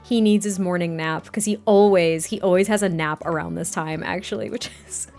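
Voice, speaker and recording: A woman's voice: lowish voice, steady tone, brisk, vocal fry, a little mellow. Woman rambling and giggling over her sims gameplay, faint music behind. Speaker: life-sim game YouTuber. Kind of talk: casual gameplay narration. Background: faint background music.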